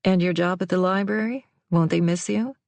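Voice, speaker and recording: A woman's voice: lowish voice, normal speed, creaky, darkish tone, dry recording. A woman voicing a playful young man who teases and plays things up for drama. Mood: teasing. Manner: teasing, dramatic.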